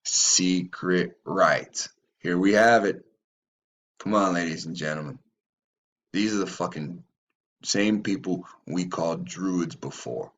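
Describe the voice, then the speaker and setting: A man's voice: deep voice, slow pace, fairly bright tone. A man hosting his own channel, reading passages aloud and commenting on them in a profane, rambling way, stumbling over names. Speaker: channel host.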